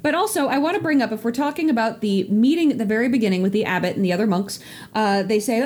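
A woman co-hosting a casual podcast, talking with sarcastic enthusiasm and frequent laughter. Her voice is slightly high and moves through a wide, lively range. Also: fast talker, husky. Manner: sarcastic, animated, laughs often. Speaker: podcast co-host. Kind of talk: casual chat.

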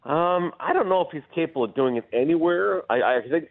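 A man calling into a sports radio show as a guest, chatting fast and animatedly about baseball and movies. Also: fairly high pitch, no echo. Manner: fast, animated, does impressions. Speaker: guest commentator. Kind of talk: casual sports radio chat. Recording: tinny phone-line sound.

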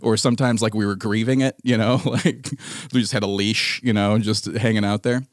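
A man in his thirties or forties hosting a podcast, telling a story in casual chat, animated and exasperated, laughing often. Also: lowish voice, moderate pace, no echo, clean studio sound. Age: 30s to 40s. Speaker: podcast host.

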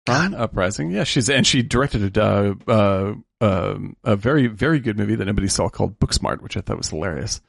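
A man's voice: fairly low pitch, lively intonation, vocal fry, no room sound, clean studio sound. A man casually talking films on a call, agreeing often and groping for names. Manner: quick agreeing, searches for names. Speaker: podcast co-host. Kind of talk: casual film discussion.

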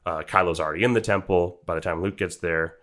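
A man's voice: low-pitched, quick pace, a bit bright. A man co-hosting a podcast, talking through a film in a casual, analytical way, rambling with fillers and restarts. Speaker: podcast co-host.

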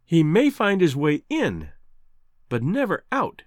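A man's voice: a little high, wildly swooping pitch, slow pace, no echo, clean studio sound, full character voice. A man reading aloud and voicing a distraught, fierce young married woman with an emotional, pleading manner. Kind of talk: audiobook character voice.

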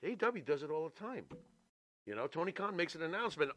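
A man's voice: fairly high pitch, very animated, fast, a bit bright, no room sound. A man co-hosting a podcast, giving blunt, profane opinions in casual chat. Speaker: podcast co-host.

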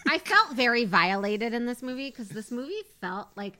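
A woman from Boston co-hosting a casual chat, animated and quick to laugh as she tells rambling stories. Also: fairly high pitch. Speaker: podcast co-host.

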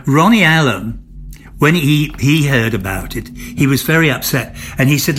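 A man's voice: medium pitch, lively intonation, moderate pace, a bit bright, slight background noise. An older man, an actor, telling stories in an interview, theatrical and amused, often repeating and restarting his words. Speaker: interview guest, former soap actor. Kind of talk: candid anecdotal chat.

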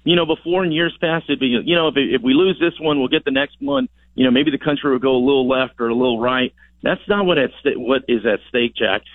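A man's voice: mid-range voice, brisk, no room sound. A man calling in as a congressman for a radio interview, talking in an emphatic, rallying way and repeating words for stress. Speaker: congressman as phone-in guest. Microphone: telephone. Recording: dry tinny phone line.

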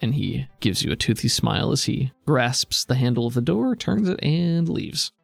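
A game master calmly narrating scenes for his players. His voice is mid-pitched and sounds dry and close to the mic, with faint music underneath. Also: moderate pace, vocal fry, breathy edge, dry recording.

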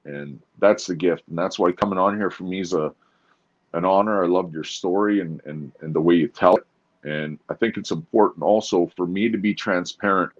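A man with a very low voice speaks candidly in an interview, earnest and halting, stumbling and restarting as he searches for words. The sound is a little muffled and lo-fi. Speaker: podcast guest.

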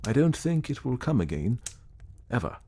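A man voicing an earnest, reflective gentleman who sincerely recounts meeting a ghost, in an audiobook reading. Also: medium pitch, big pitch swings, moderate pace, slightly rough, pitched above the performer's own voice. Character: earnest gentleman telling his ghost encounter. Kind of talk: audiobook character voice.

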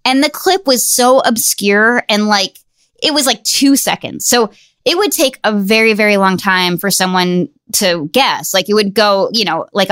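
A woman's voice: medium pitch, fairly bright tone, smooth, dry recording. A woman in her forties telling a story in casual chat, chatty, laughing often and saying "like" a lot.

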